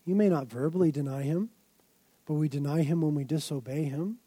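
A man preaching a sermon in a fairly high yet mellow voice. He tells his stories dramatically, piling up emphatic phrases, and the recording is dry and close. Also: brisk, breathy edge, no echo. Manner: dramatic storytelling, emphatic build-ups. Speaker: pastor.

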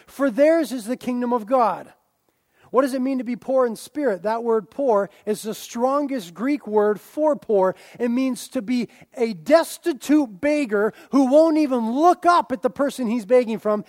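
A young man delivers a sermon in a strikingly high voice. He mixes playful asides with forceful, emphatic preaching. The sound is dry and close, with no room echo. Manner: animated, jokey asides, rising to loud emphatic preaching. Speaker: pastor.

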